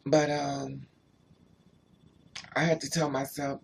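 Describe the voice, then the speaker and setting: A man's voice: on the high side, steady tone, measured pace, a little hiss or hum. A man on a casual livestream who tells rambling personal stories and answers viewers' chat comments as he goes.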